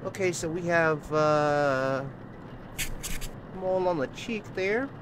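This let's-play host has a voice on the high side and speaks slowly, with background noise and loud game music behind him. Playing a horror game on his channel, he's scared and sweating, rambling nervously, repeating himself, and calling his audience bro and y'all.

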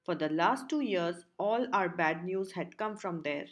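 A woman narrating a textbook story as an audiobook, in a steady, clear reading. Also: on the low side, a little slow.

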